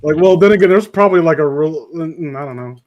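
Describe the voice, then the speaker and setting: A man's voice: a little high, quick pace, highs cut off. Chatty self-deprecating man reading aloud. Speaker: reader and host. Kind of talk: casual group read-aloud.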